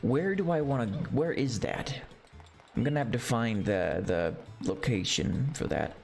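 Excitable man streaming a game. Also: medium pitch, unhurried, creaky. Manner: excitable, chatty, easily delighted. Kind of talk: casual gameplay commentary. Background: faint game music.

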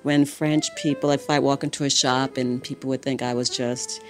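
A woman's voice: extremely low pitch, normal speed, music in the background. An American woman from Brooklyn, interviewed about her life, telling stories candidly and laughing often. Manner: animated storytelling, laughs often.

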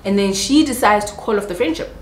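A South African woman YouTuber telling a personal story in a dramatic, animated way, with sudden high-pitched asides. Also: fast, echoey room, a little hiss or hum. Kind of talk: storytime vlog.

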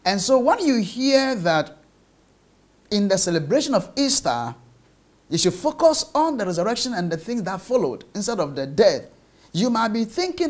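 A man's voice: sits high, big pitch swings, moderate pace. A man preaching a sermon in an emphatic way, checking in with his listeners through rhetorical questions.

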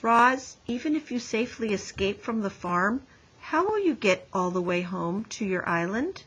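A woman's voice: mid-range voice, very animated, moderate pace, a bit bright, slightly rough, low-quality recording. A woman reading the lines of a curious, blunt young girl in a storybook, in a frank, questioning way.

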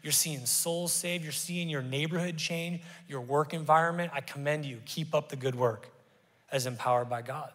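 A middle-aged male pastor preaching with fervor, rising to loud emphatic calls and dropping to quiet, confessional tones. His voice sits a little high for a man. The sermon rings out through a large church hall with a long reverb tail. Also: normal speed. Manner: passionate preaching, swinging from loud to hushed.

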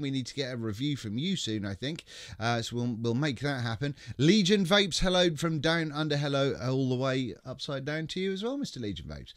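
Bloke chatting on a live stream, lively up-and-down voice, dry close mic, trips over names and laughs it off. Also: male voice, a little high, no echo. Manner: chatty, stumbles over names, laughs often, swears casually. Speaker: livestream host. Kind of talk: casual live chat reading viewer comments.

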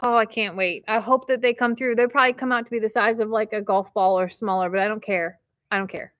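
A woman hosting a casual vlog, opening mail from viewers and talking warmly and emotionally, close to tears at times. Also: medium pitch, fairly even intonation, fast talker, no room sound. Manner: chatty and emotional, near tears.

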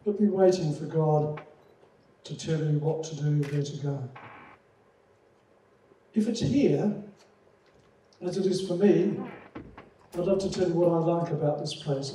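A middle-aged Australian man speaks in a fairly high but deeply mellow voice, earnest and measured, leaning on his words with pauses. He is heard from across a very echoey hall, with a faint hiss of noise underneath. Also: far from the mic. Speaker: theology lecturer. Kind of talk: open-day talk to prospective students.

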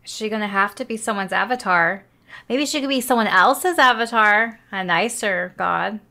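A woman hosting a reaction video, giving casual, excitable running commentary with lots of exclamations. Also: mid-range voice, moderate pace, creaky.

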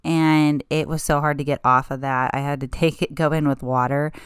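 A woman's voice: sits low, steady tone, normal speed, smooth, no room sound, clean studio sound. A woman home-makeover vlogger narrating her project in a chatty, friendly voice-over, with casual fillers.

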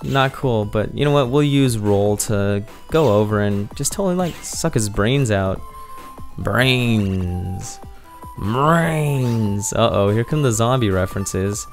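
A man's voice: lowish voice, lively intonation, moderate pace, few pauses, a little mellow, soft background music. A man hosting a let's play video, chatting over the game in a jokey, upbeat way. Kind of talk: game commentary.

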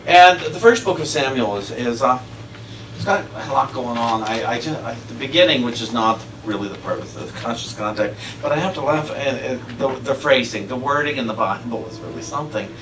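A man's voice: mid-range voice, animated, a little fast. A man giving a casual, conversational sermon, telling a story with frequent laughter. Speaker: minister. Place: church sanctuary. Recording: echoey hall, far from mic, noisy.

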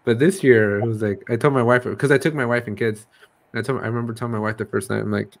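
A man hosting a casual interview, telling stories in a fast, excitable way. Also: medium pitch. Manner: fast, excitable storytelling with laughs. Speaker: host.

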